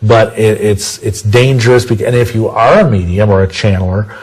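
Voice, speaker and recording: A man's voice: fairly low pitch, normal speed, a little mellow, husky, rough recording. A man giving an interview, talking in a rambling, conversational way with many restarts and homely sayings. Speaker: interview guest.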